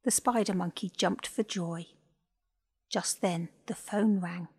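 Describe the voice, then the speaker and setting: A woman narrating a children's animal story and hosting the podcast, reading gently and clearly. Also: fairly low pitch, steady tone, slow. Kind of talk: scripted narration.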